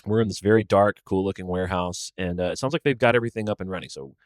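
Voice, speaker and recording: A man's voice: low voice, fast, dry recording, studio quality. A man hosting a solo podcast, chatting casually and rambling as he thinks aloud. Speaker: podcast host.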